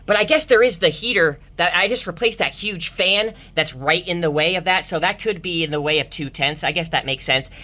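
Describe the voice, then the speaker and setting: A woman with a fairly low voice narrates her subwoofer tests from inside a car. She is excitable and exclaims to her viewers between casual explanations. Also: brisk, hardly any pauses. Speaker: car audio enthusiast testing subwoofers. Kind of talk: excited vlog commentary.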